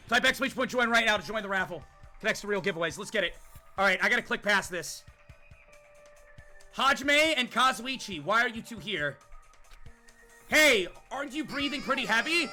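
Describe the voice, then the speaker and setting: An excitable young man with a strikingly high, bright voice streams a game live, hyping up his chat and yelling in disbelief. Game music plays softly behind him. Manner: hyped, shouting at chat, rapid exclamations.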